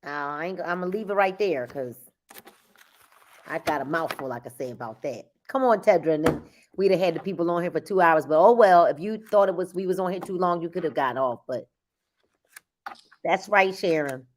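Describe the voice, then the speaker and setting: Woman host, lively and laughing, very expressive pitch. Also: normal speed, a little hiss or hum. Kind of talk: casual group chat.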